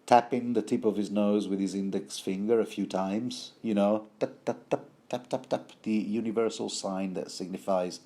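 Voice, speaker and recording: Guy rambling through a book chapter, lots of uhs, lowish voice. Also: fairly even intonation, moderate pace, hardly any pauses, mellow. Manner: hesitant, many fillers, self-correcting, playful asides. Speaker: book commentator.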